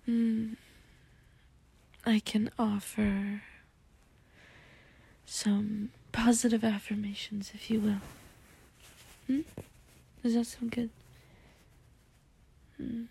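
A woman murmurs in a whispered role-play, her voice husky and full of morning gravel. She talks slowly and mellowly, gentle and encouraging toward the listener. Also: fairly high pitch, flat delivery. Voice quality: gruff morning voice. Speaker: comforting companion.

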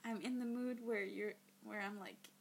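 A woman recording role-play outtakes, giggly and breaking into laughter, sometimes dropping to a soft whisper. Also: medium pitch, steady tone, normal speed, creaky, a little hiss or hum.

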